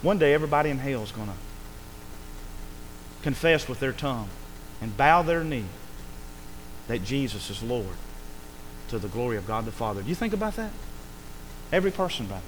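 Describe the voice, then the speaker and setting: A man preaching a sermon in an emphatic way, swinging between loud calls and quiet lines and asking for amens. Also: medium pitch, very animated, brisk, pauses often, a little hiss or hum, low-quality recording.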